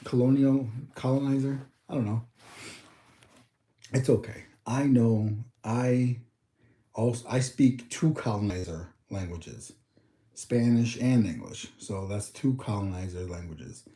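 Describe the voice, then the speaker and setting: A man's voice: medium pitch, a little slow, warm tone, reverberant. A young man from the States, chatting casually and rambling on his livestream. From United States. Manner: rambling, talks to chat, thinks aloud with numbers. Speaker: livestream host.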